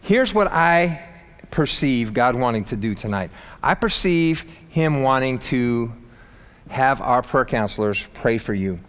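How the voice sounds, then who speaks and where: A man preaching a casual, emphatic sermon in a church, with sudden loud peaks. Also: mid-range voice, expressive, a little slow. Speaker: pastor. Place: church sanctuary. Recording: long hall reverb.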